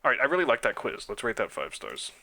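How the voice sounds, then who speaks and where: A young man talks his way through trivia quizzes in a loose, thinking-aloud manner. His voice is very bright and sharp at an ordinary male pitch. He mutters guesses and drops chatty, self-deprecating asides. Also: huge pitch swings, quick pace. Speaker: quiz game let's player. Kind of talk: casual thinking-aloud gameplay commentary.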